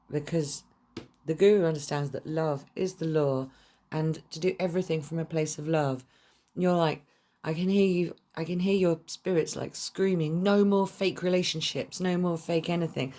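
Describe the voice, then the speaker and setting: A young woman with a fairly low voice gives a casual tarot reading straight to her viewers. She talks in a chatty, gushing flow and drops the odd swear word. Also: darkish tone. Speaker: tarot reader.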